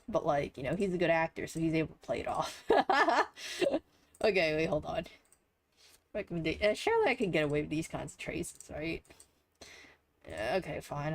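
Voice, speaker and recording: Woman, young adult, nasal, congested, tired, casual rambling, fillers, low-ish pitch. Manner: swears freely, trails off, lots of fillers.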